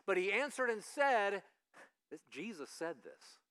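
A male pastor giving a conversational sermon, lively and acting out the voices he quotes. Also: high-pitched, unhurried, clear, resonant tone. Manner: animated, acts out quoted voices.

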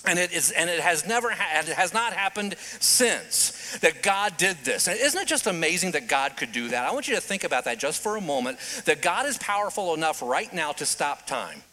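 A man preaching a sermon, telling the story with animated delivery and dramatic pauses. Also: on the high side.

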